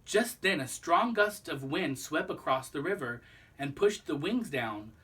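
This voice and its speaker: A man reading a children's book aloud, pausing to explain the lesson to young listeners. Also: fairly high pitch, expressive, bright, forceful tone, breathy edge, far from the mic. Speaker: storybook reader.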